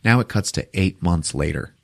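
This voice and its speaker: Low-voiced man recapping a movie. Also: normal speed, vocal fry, no echo, clean studio sound. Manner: animated storyteller, swears freely. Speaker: podcast host.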